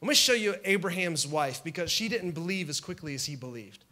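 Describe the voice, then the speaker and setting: A man's voice: fairly high pitch, lively intonation, fairly quick, pushed and bright. A man preaching a sermon as pastor, conversational and humorous, acting out the scenes he tells.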